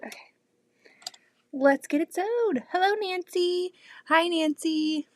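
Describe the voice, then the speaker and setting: A woman's voice: extremely high pitch, takes it slowly, pauses often, slight background noise. A woman hosting a casual quilting live stream, chatting with viewers in her home sewing room, often using "like" as a filler.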